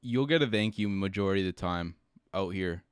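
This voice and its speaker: A man's voice: low-pitched, brisk, clean tone, no room sound, clean studio sound. A man co-hosting a casual podcast, laid-back, swearing casually and trailing off into laughter. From Canada. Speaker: podcast co-host. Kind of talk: casual chat.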